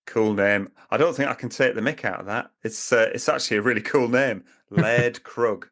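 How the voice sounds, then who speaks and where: A man's voice: mid-range voice, normal speed, a bit bright. A man co-hosting a podcast, talking in a rambling, chatty way and laughing often. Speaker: podcast co-host. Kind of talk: casual chat.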